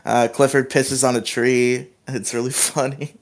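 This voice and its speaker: A man's voice: medium pitch, flat delivery, unhurried. A young man hosting a casual movie review podcast, chatty and teasing, often laughing. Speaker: podcast host.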